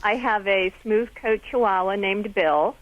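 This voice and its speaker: A woman, a guest author who shows dogs, talking in an unhurried, friendly way on a phone interview. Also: medium pitch. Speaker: guest author and dog show exhibitor. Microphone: telephone. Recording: dull phone-line audio.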